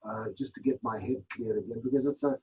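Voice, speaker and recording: Gravelly man, reflective. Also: medium pitch, steady tone, fast talker, a little mellow. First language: Afrikaans. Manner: reflective, searching for words with many restarts. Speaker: author guest. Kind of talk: radio interview answers. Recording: dull lo-fi broadcast audio.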